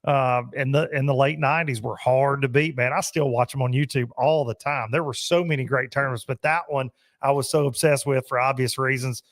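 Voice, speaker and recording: A man's voice: mid-range voice, fairly even intonation, fairly quick, hardly any pauses, dry recording, clean studio sound. A man hosting a podcast, talking with enthusiasm as he looks back on old tournaments. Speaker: podcast host. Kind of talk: casual chat.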